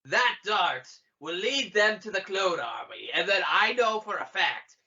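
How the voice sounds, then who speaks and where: A man's voice: high-pitched, very animated, a little slow, creaky, sharp tone, lo-fi sound, voice pushed up, heavily acted. A man voicing a scheming male villain lord who boasts of his plans, in a gloating monologue.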